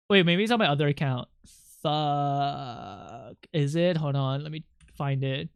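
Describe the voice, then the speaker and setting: A livestreamer chatting casually with viewers, rambling and excitable, jumping from topic to topic. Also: medium pitch, measured pace, gravelly, clean tone, dry recording, clean studio sound.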